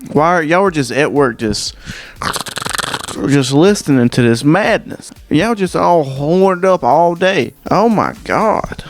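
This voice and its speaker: A man performing stand-up comedy, rambling through stories in an incredulous, animated way. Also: a little high, slow.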